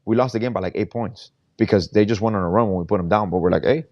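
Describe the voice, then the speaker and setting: A man's voice: fairly low pitch, very fast, no room sound, highs cut off. A middle-aged man co-hosting a casual sports talk show, blunt and slangy. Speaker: podcast co-host.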